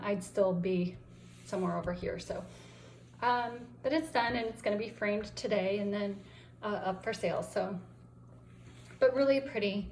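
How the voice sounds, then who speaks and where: A woman's voice: mid-range voice, darkish tone, a little hiss or hum. A woman showing her crochet and craft finishes in a casual vlog, chatty with frequent ums, still getting over laryngitis and a lingering cough. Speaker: crochet vlogger. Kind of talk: casual show-and-tell vlog.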